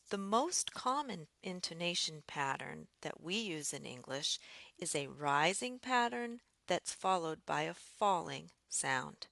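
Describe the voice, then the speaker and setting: Slow, gravelly-voiced woman teacher. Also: low-pitched, a bit bright, no room sound, studio quality. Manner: slow, clear, deliberate delivery. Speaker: English teacher. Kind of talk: scripted lesson narration.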